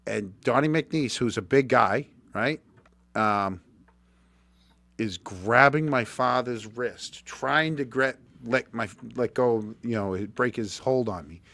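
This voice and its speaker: A middle-aged man hosting a casual chat, telling stories in an animated way and repeating words when he gets going. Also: mid-range voice, takes it slowly, no room sound. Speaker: host.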